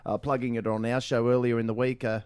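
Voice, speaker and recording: A man's voice: mid-range voice, flat delivery, fast, darkish tone, clean tone, no echo. A man with an Australian accent, hosting a radio show with jokey, blokey banter and frequent laughs. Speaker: radio host. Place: radio studio.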